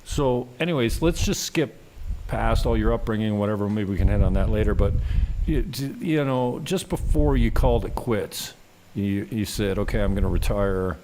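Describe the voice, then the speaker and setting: A man's voice: lowish voice, moderate pace, few pauses, darkish tone, a little hiss or hum. A Canadian man hosting a casual live-stream chat, telling rambling stories with swearing and laughter. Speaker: host.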